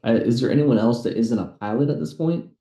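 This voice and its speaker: A man playing his ship captain in a tabletop game, speaking hesitantly with many pauses and ums. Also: mid-range voice, warm tone, echoey room.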